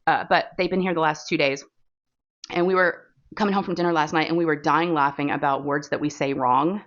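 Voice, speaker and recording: A woman with a Texan drawl talks through her crafting session in a loose, rambling way, full of fillers and little asides. Her voice sits fairly low. It is recorded on a phone, so the sound comes through dull and lo-fi. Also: fairly even intonation, fairly quick, fairly bright tone. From Texas. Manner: chatty and rambling, with many fillers and laughs. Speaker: crafting channel host. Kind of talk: casual chat while diamond painting.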